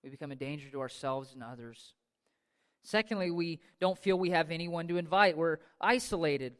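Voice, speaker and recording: A male pastor preaching a sermon with passion, swinging from loud declarations to hushed, intimate passages. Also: a little high, normal speed, clean tone, big-room sound. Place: church sanctuary.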